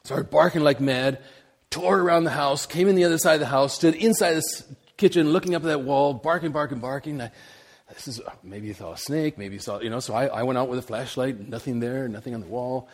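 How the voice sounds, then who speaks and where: Man, middle-aged, preacher, sermon, halting repeats, animated storytelling. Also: mid-range voice. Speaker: missionary preacher.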